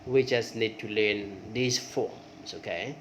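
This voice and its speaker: A man whose first language is Khmer teaches English grammar at an unhurried pace, reciting example words in rising drills and checking in often with "okay". A faint air-conditioner hum sits behind his mid-pitched voice. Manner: repeats word forms in drills, rising on examples, many okays. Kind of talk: grammar lesson.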